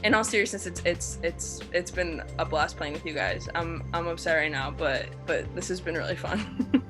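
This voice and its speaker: A woman's voice: lowish voice, moderate pace, music in the background. A woman saying farewell after being voted out of an online game show, swearing freely, stammering and repeating herself. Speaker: eliminated game show contestant. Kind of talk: emotional farewell speech on a video call.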